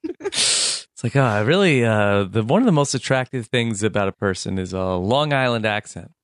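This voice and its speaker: A man co-hosting a podcast, chatting casually about a reality show, easygoing and halting, with lots of agreeing murmurs. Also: on the low side, lively intonation, smooth, no room sound, studio quality. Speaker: podcast co-host.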